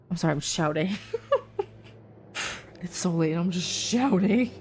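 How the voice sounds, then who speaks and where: A woman giving dramatic let's-play commentary with loud, emphatic reactions of disbelief. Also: fairly low pitch, expressive, measured pace, pauses often, soft background music. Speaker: game streamer.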